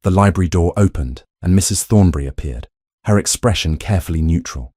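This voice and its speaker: A man reading a romance story aloud in a measured, even storytelling voice. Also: sits low, no room sound, studio quality. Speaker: narrator. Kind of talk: scripted audiobook narration.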